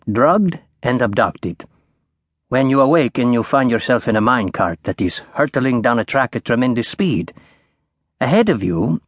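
A frail, elderly law professor with a soft, sing-song lilt and a quiet, commanding air, as a man puts him on. He speaks gently and unhurriedly, in a mid-pitched voice. The recording is dry, with no room sound. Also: dry recording. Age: older.

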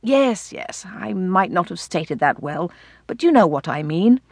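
A woman voicing a male doctor in an audiobook who gives frank, gently scolding advice. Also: on the low side, sing-song, unhurried, slightly rough, no room sound, clean studio sound, full character voice. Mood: urging. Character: country doctor, man, blunt and caring.

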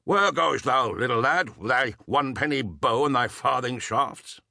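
A male audiobook narrator voicing a gruff forester who mocks and hollers. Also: mid-range voice, unhurried, pushed and bright, dry recording, studio quality. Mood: mocking. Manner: mocking, hearty. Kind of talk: audiobook character voice.

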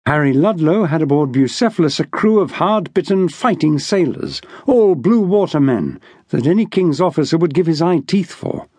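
A man reads an audiobook in a measured, even storytelling manner. His voice sits somewhat high for a man, and the recording is close and dry with no room sound. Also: dry recording. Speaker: audiobook narrator. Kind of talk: scripted audiobook narration.

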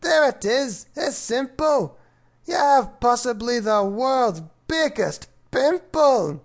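A man's voice: extremely high pitch, lively intonation, slow pace, full character voice. A man putting on a hammy Scottish brogue. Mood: storytelling. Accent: put-on Scottish. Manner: hammy, playful, exaggerated. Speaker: storyteller. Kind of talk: comic rhyming children's story reading.

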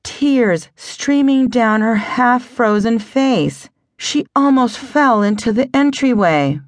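A woman narrating an audiobook in a steady, dramatic storytelling manner. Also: fairly high pitch, takes it slowly, no echo. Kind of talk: scripted narration.

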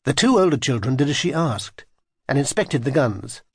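This husky-voiced audiobook narrator has a mid-range voice and reads a children's storybook at normal speed. His intonation is lively and expressive, with wide rises and falls, and the recording is close and dry with no room sound.

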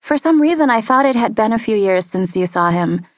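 A woman voicing a chatty, teasing young woman on a phone call, lively and prying in her questions. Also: a little high, fairly quick, dry recording, studio quality, pitched above the performer's own voice, natural voice. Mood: light, curious.

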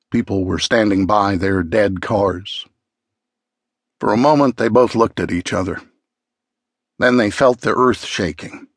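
Male audiobook narrator, low-ish husky voice, measured dramatic read, dry close mic. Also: no room sound. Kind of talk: scripted narration.

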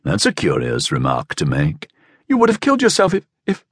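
A man's voice: on the low side, wildly swooping pitch, moderate pace, gravelly, husky, dry recording, clean studio sound, heavily acted. A man voicing a cool, mysterious young man who teases and coaxes, in an audiobook. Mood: teasing. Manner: cool, teasing, coolly persuasive. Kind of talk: audiobook character voice.

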